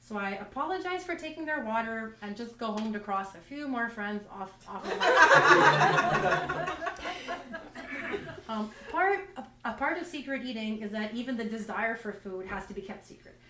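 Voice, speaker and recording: A woman's voice: a little high, expressive, measured pace, a loud crowd. A woman doing stand-up, telling self-deprecating stories in a rambling way full of restarts. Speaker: stand-up comedian. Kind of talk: stand-up comedy storytelling. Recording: roomy, distant mic.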